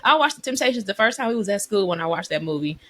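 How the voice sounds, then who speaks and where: A woman co-hosting a faith podcast, chatting casually in an animated, emotional way. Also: medium pitch, rapid-fire. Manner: animated, emotional storyteller, Southern US dialect forms. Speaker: podcast co-host. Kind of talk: casual chat.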